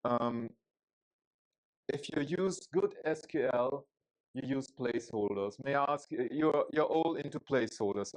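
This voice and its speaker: A man's voice: medium pitch, darkish tone, poor audio. A man from Germany with a German accent, giving a chatty, joking technical talk at a conference, with frequent fillers and restarts. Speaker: conference speaker.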